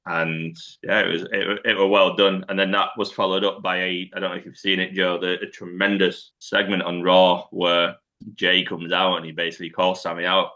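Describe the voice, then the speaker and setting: A man's voice: low voice, normal speed, lo-fi sound. A man, chatting casually on a podcast and recapping wrestling, acting out quotes and swearing freely. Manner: animated storytelling, acts out quotes, swears. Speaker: podcast co-host.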